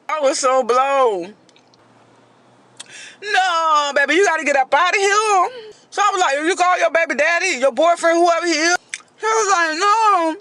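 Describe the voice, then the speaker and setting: Storyteller, man, high and sharp-toned, animated casual storytime. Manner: animated, dramatic retelling with quoted voices.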